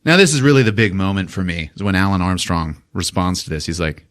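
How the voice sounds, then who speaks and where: Brief: low-voiced man, animated, profane comedic recap host. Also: fast talker, few pauses. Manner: animated, profane, acting out scenes. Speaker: podcast host.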